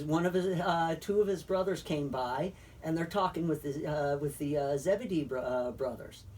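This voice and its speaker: A man's voice: fairly high pitch, darkish tone, breathy edge. A man casually retelling a story in a faith chat, rambling with fillers and swearing. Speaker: friend in a faith discussion. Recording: distant mic.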